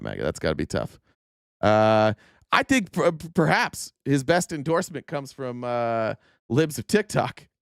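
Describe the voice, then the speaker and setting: A man's voice: mid-range voice, no echo, clean studio sound. A man hosting casual political commentary, sarcastic and profane, often mocking his opponents in mock voices.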